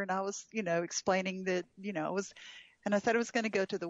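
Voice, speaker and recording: A woman's voice: medium pitch, fairly even intonation, quick pace, no room sound, dull audio. A woman guest telling a travel story in casual chat, chatty with frequent fillers and laughs. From United States.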